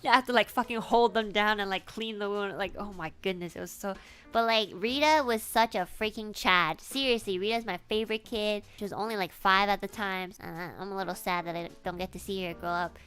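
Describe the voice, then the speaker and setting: A young woman from Canada telling a personal story in a casual, animated, emotional way, swearing now and then. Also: medium pitch, a little fast, clean tone, soft background music. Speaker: streamer.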